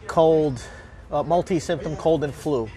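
A man's voice: fairly high pitch, measured pace, dark tone. A man recording a casual podcast while at work in a deli, laughing often and swearing casually. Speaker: podcast host recording at his deli job.

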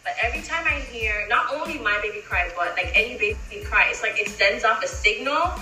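Chatty mom host in an echoey room. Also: female voice, on the high side, lively intonation, fairly quick, sharp tone, far from the mic, faint music behind. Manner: candid and chatty, laughs often. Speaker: podcast host. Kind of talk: casual podcast chat.

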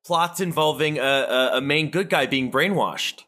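A man's voice: fairly high pitch, normal speed, sharp tone. A man co-hosting a casual movie-review podcast, joking around and stumbling through frequent filler restarts. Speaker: podcast co-host.

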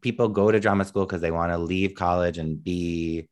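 A very low-voiced man talks as a podcast guest. He tells stories against himself in an earnest, easygoing way. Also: steady tone, moderate pace. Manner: earnest, self-deprecating storyteller. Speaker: podcast guest, musician and actor. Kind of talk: casual interview chat.

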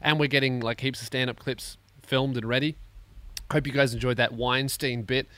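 A man's voice: medium pitch, fairly even intonation, normal speed, pushed and bright, dry recording. An Australian man hosting a comedy podcast, ranting sarcastically with lots of swearing while in pain from a neck injury. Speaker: podcast host.

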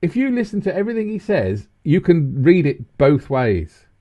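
A man in his fifties co-hosting a casual chat, rambling and animated. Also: moderate pace, dull audio, slight background noise. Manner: animated, rambling, breaks into high laughs. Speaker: co-host. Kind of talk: casual banter.

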